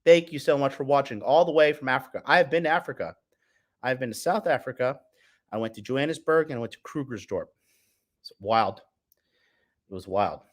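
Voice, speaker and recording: A man's voice: medium pitch, brisk, long pauses. A man hosting a live-streamed dating talk show, brash, profane and mocking as he reads the chat. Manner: talks to the audience as "bro". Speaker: livestream dating show host.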